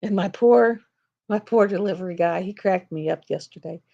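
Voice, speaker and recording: A woman's voice: medium pitch, moderate pace, creaky, dark tone. A woman hosting a casual livestream, rambling chattily and telling stories with frequent laughs. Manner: chatty, storytelling, laughs often. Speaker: livestream host. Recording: dull lo-fi stream audio.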